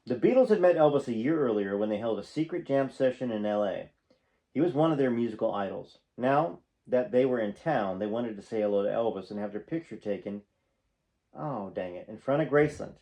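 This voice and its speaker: Male host, mid-pitched voice, reads from a book and breaks off into chatty commentary. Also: animated, brisk, dark tone. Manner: breaks off to comment, folksy and conversational. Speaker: channel host reading a book aloud. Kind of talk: reading aloud with casual asides.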